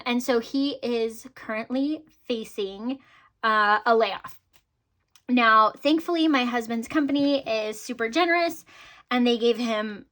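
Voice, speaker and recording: A woman's voice: fairly high pitch, bright, forceful tone. A woman vlogger chatting casually to her viewers about her budget, upbeat, with frequent ums and laughs. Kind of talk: casual chat to camera.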